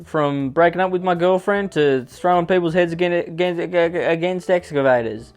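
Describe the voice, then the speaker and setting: A man putting on a loud, hot-headed young prankster, yelling and over the top. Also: a little high, normal speed, voice pushed up, natural voice. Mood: hyped.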